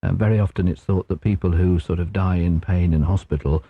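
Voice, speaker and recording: Husky low-voiced English man on radio. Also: fairly even intonation, no room sound. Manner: measured, explanatory. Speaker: clairvoyant guest. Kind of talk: radio phone-in chat. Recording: dull lo-fi radio broadcast.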